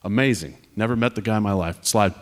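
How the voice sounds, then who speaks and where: His voice sits lowish and moves quickly. A retiring American Air Force officer in his forties, he talks earnestly to students at a panel, spinning stories alongside slides and adding wry asides.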